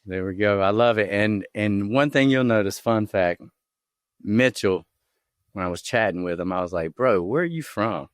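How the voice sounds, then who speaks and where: A man co-hosting a podcast sounds upbeat and encouraging as he brings in the guest. His voice runs somewhat low. The sound is dry and close to the mic. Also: moderate pace, clear, resonant tone, no echo. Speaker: podcast co-host. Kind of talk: casual podcast interview.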